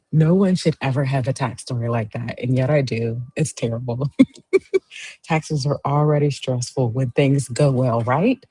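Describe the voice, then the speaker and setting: A woman hosts a casual livestream, chatty and encouraging as she reads out viewer comments. Her voice is husky and mellow, and she talks at an unhurried pace. The sound is close and dry. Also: a bass voice, no echo, rough recording. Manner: chatty storyteller, cheers viewers on warmly. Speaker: host.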